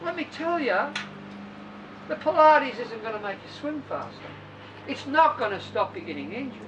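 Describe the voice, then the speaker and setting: A woman's voice: fairly high pitch, big pitch swings, normal speed, a bit bright. A woman swim coach, giving a blunt talk to her squad, full of rhetorical questions. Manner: blunt, rhetorical questions, acts out swimmers' voices. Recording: distant mic with vehicle noise behind.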